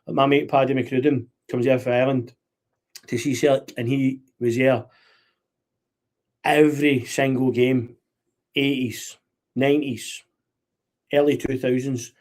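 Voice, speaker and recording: A Scottish man hosting a podcast, telling animated football stories in casual chat, full of fillers and restarts. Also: medium pitch, a little slow, pauses often. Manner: animated storyteller with many fillers. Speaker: podcast host.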